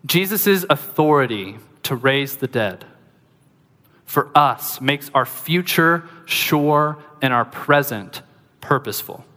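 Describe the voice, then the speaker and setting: A man preaching a sermon as pastor, lively and conversational, with joking asides to the congregation. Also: on the high side, in a large hall.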